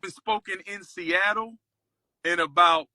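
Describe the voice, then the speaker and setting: Bright, high-pitched man boasting on a livestream. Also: slow, no room sound, studio quality. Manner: bold, boastful preaching cadence, repeats lines for emphasis. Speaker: livestream host. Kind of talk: livestream talk.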